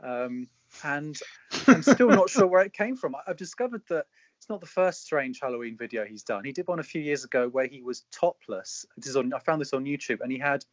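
A man's voice: medium pitch, lively intonation, brisk. A man, a podcast co-host, telling a story in a rambling, hesitant, amused way. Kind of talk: casual storytelling chat. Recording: dry, slightly dull sound.

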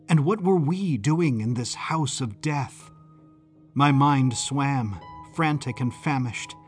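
A male storyteller reading a dark first-person mystery at an unhurried, deliberate pace, his voice moderate in pitch. Faint music plays quietly under his narration, keeping the mood tense. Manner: measured, suspenseful storytelling.

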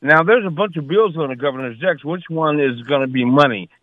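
A man in his sixties calling in to a radio talk show, halting and full of filler sounds. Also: a little high, no echo. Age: 60s. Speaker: caller. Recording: tinny phone line.

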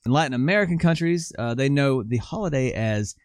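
A man's voice: mid-range voice, lively intonation, a little fast, a little mellow, dry recording, clean studio sound. A man co-hosting a podcast in casual chat, crude and joking, laughing often as he reads stats aloud. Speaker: podcast co-host.

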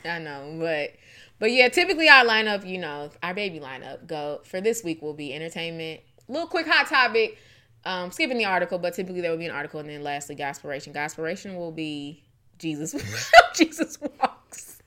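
A young woman co-hosting a casual chat show, talking in a playful, animated way with quick asides. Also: on the low side. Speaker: podcast co-host.

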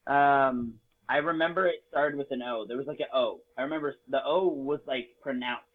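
A man from Las Vegas telling a story in a casual chat, swearing freely, joking and getting animated. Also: medium pitch, normal speed. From Las Vegas, United States. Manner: profane, jokey and animated. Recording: tinny phone-like sound.

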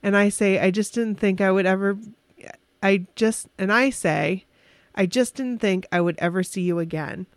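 A woman casually telling an excited, emotional story on a podcast, with restarts and quick bursts. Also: mid-range voice, no echo.

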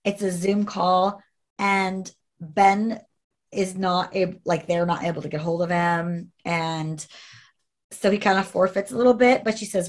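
Woman guest, candid, blunt, swearing, personal storytelling, mid-pitched voice. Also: fairly even intonation, a little slow.

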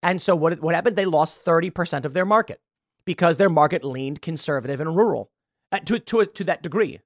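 Hosting a political podcast, a man delivers a mocking, sarcastic monologue full of animated jabs and asides. His fairly high voice moves a little fast, and the studio sound is clean with no echo.

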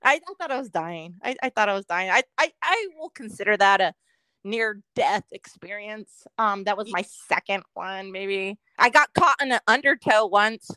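A woman's voice: mid-range voice, lively intonation, normal speed, sharp tone, dry recording. A woman co-hosting a podcast, telling rambling childhood stories in a wry, profane, casual way. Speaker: podcast co-host. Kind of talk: casual storytelling chat.

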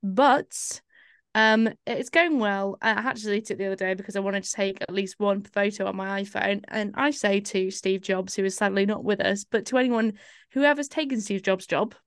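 A woman's voice: mid-range voice, normal speed, smooth, dry recording, clean studio sound. A woman co-hosting a podcast, chatting casually in a rambling, self-mocking way. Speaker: podcast co-host. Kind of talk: casual chat.

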